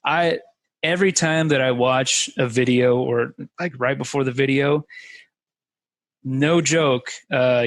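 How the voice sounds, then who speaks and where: A man's voice: medium pitch, fairly bright tone, no echo, rough recording. A man, a guest, telling a story in casual conversation, rambling with lots of fillers.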